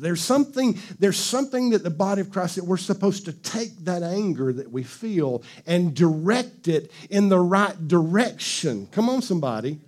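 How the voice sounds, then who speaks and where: High-voiced man preaching a lively sermon. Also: normal speed, few pauses. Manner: conversational, laughing, call-and-response with the congregation. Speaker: pastor.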